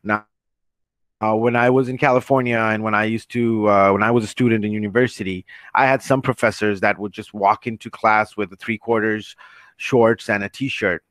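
On a video call through his computer mic, a man runs an online training session, sounding earnest and reassuring as he reads out questions from the chat and often restarts his sentences. His voice is lowish and fairly bright, with fairly even intonation and a moderate pace. There's no room sound.

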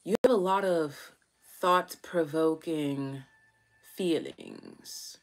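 Low-voiced woman doing a live tarot reading, talks loose and swears a lot, faint hiss behind. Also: lively intonation, normal speed. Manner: chatty, swears casually, many fillers. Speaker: tarot reader.

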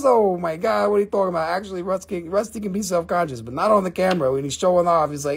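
A man hosts a live crystal sale in casual, running patter. His voice is high and slightly husky. He jokes and swears freely, in loose phrasing. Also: fast talker, hardly any pauses. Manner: joking, profane, loose non-native phrasing.

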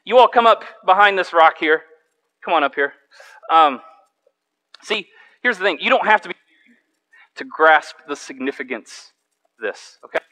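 A man preaching a sermon from a church stage as a pastor, telling a personal story in an animated way and repeating words when he restarts. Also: a little high, normal speed, long pauses, rough recording.

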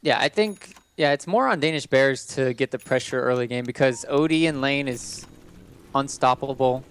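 A man from Texas co-casting a live esports match through a headset. He talks in a relaxed, chatty way, working through the game with easy analysis. His voice sits at a typical male pitch. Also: normal speed, smooth. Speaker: esports caster.

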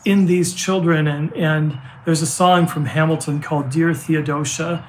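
Older guy pastor giving a sermon, heartfelt, kinda higher voice, some faint birds chirping behind. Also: fairly even intonation, slight background noise. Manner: earnest, heartfelt, halting restarts.

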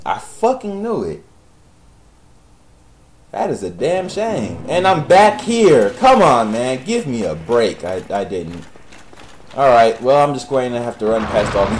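A man's voice: medium pitch, sing-song, unhurried, a little hiss or hum, rough recording. A young man giving profane, sarcastic commentary while playing a video game and talking to its characters. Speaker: gaming commentator. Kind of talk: Let's Play commentary.

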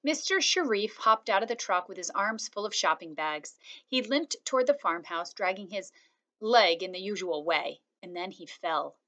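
A woman reading a children's novel aloud chapter by chapter, in a calm, steady storytelling manner. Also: mid-range voice, moderate pace, dull audio. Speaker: reader.

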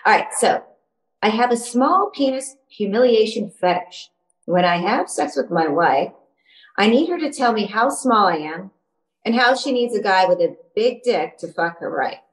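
A woman's voice: medium pitch, lively intonation, normal speed, echoey room, low-quality recording. A woman guest chatting on a podcast, a bubbly storyteller who laughs often. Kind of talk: casual podcast chat.

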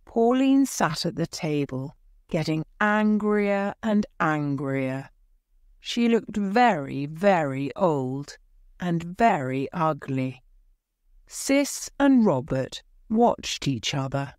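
Slow, low-voiced woman narrating a story. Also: expressive, a little mellow, no echo, studio quality. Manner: clear, measured storytelling. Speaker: audiobook narrator. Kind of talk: scripted story narration for English learners.

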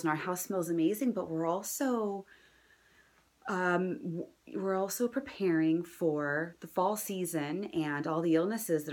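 A low-voiced woman in her thirties shares a heartfelt personal testimonial as a mother. She talks casually and earnestly, with fillers and restarts, and sometimes drops into a whisper. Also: darkish tone.

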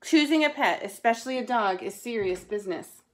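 A woman's voice: fairly high pitch, lively intonation, a little fast, natural voice. Brief: woman reads a careful, patient mom bear. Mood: cautious. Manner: patient, cautionary. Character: sensible mother bear, patient and cautious.

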